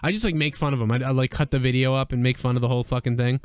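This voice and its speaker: A man hosting a casual, profane wrestling chat, talking excitedly and laughing often. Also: medium pitch, rapid-fire, smooth, no echo, clean studio sound. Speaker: podcast host.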